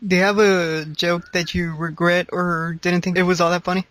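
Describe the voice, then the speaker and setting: High male interviewer, dry and close, keeps his questions short. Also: flat delivery, moderate pace, fairly bright tone, dry recording.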